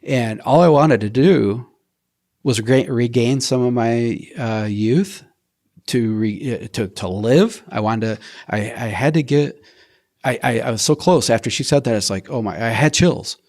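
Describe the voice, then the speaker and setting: A middle-aged man telling his health story in an interview, animated, acting out his own quotes and often restarting sentences. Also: medium pitch, measured pace.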